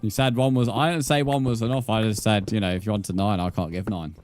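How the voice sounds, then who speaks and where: A man's voice: lowish voice, steady tone, quick pace, a little mellow, soft background music. Joking young man streaming. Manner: joking banter with chat, laughs often. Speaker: gaming streamer. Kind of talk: live-stream chat while playing.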